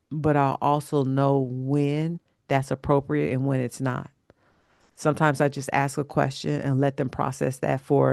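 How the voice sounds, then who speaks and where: A man, a holistic self-love coach, talking through a reflective vlog in a slow, measured, gentle way, repeating words for emphasis. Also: medium pitch, creaky, no echo, studio quality.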